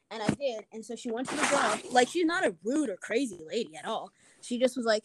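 Young woman, slightly high voice, casual storyteller who swears freely and leans on fillers. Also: lively intonation, a little fast, few pauses, background noise. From Minnesota. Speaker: guest telling a story. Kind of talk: casual chat.

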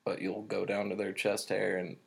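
A man's voice: lowish voice, flat delivery, moderate pace, vocal fry, husky. A man co-hosting a casual podcast, telling news stories in a laid-back, self-mocking way. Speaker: podcast co-host. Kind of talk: casual chat.

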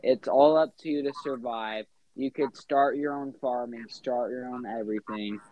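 A man's voice: mid-range voice, normal speed, no room sound, lo-fi sound. A man co-hosting a casual podcast chat, telling stories animatedly and tagging his lines with "okay?". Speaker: podcast co-host.

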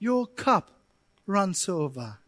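A man with a strikingly high voice delivers a sermon as a pastor. He preaches with animation, drops playful asides and acts out prayers to God. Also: very animated, slow, a bit bright, no room sound.

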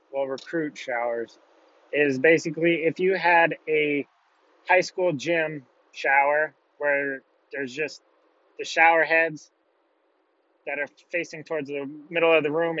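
A young man with a fairly high voice tells a story casually and bluntly, swearing often. The recording is dull and lo-fi, with a dry, close sound. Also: fairly bright tone, dry recording.

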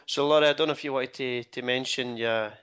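Bright man hosting with halting jokes. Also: medium pitch, steady tone, clean tone, lo-fi sound. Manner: joking, with halting restarts. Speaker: podcast host. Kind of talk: casual banter.

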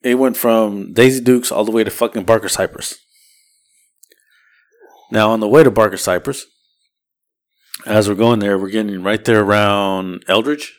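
A man's voice: fairly low pitch, steady tone, moderate pace, pauses often. A man, co-hosting a podcast and telling a rambling, profane story in casual chat. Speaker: podcast co-host.

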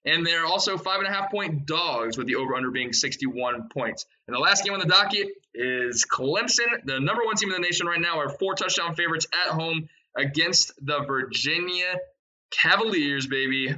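A young man hosting a sports betting podcast, rattling off picks and odds in a fast, excited way. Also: fairly high pitch, rough recording. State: out of breath. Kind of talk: energetic podcast chat.

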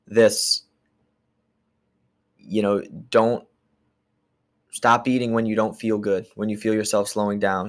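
A man hosting a podcast, telling a joking, rambling story and laughing as he talks. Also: lowish voice. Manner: jokey, rambling, laughs while talking. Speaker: podcast host. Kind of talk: casual monologue. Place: gym.

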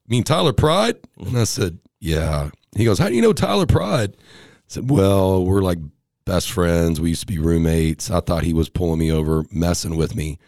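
A man's voice: low voice, moderate pace, creaky, no room sound, clean studio sound. A young man casually telling stories, acting out the voices of people in his anecdotes. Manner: animated, acts out voices in anecdotes. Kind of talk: casual storytelling.

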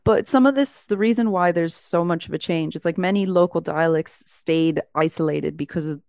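A woman's voice: on the low side, moderate pace, a little mellow, no room sound, studio quality. A woman co-hosting a casual podcast. She chats loosely with lots of fillers and laughs. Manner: chatty, laughs often, many fillers. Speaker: podcast co-host. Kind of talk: casual chat.

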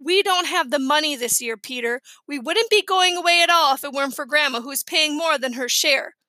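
A woman's voice: sits high, brisk, pushed and bright, dry recording. A woman doing a firm, serious father.

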